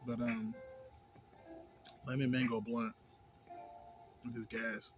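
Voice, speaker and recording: A young man rambling casually and profanely into his phone about a movie, acting out scenes in a higher voice. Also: little pitch movement, slow pace, over music, rough recording. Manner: loose, profane, rambling, acts out scenes in a high voice. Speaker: vlogger. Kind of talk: casual smoke-session movie review.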